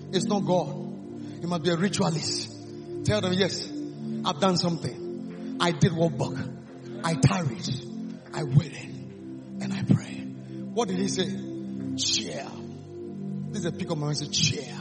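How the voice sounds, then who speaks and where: A man preaching a call-and-response sermon at a church service, shouting exhortations and repeating phrases for the congregation to echo. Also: high voice.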